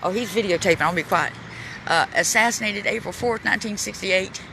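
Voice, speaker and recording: A high-voiced man narrates a walking vlog outdoors and gets choked up as he reads memorial plaques. His phone recording picks up clear traffic and street noise behind him. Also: sharp tone, low-quality recording. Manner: emotional, chokes up, reads plaques aloud haltingly. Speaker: vlogger touring a memorial park. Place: outdoor city park. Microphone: handheld phone camera.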